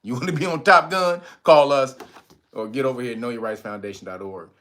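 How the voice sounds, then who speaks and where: A middle-aged man hosting a casual livestream, loud and joking, laughing often and jumping into high playful voices. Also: fairly quick. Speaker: livestream host.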